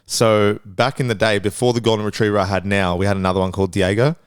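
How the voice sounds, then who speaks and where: A man co-hosting a podcast, casually telling a story with swearing and getting excited as it builds. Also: fast talker, clear, resonant tone, no room sound, studio quality. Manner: animated storyteller, swearing, rising pitch when excited. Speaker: podcast co-host. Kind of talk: casual chat.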